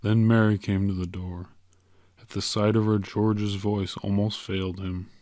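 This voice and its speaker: A man reads a story aloud in a low, level voice that barely rises or falls. His delivery is measured and even, and the recording is close and dry, with no room sound. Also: dry recording. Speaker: audiobook narrator. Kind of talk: scripted narration.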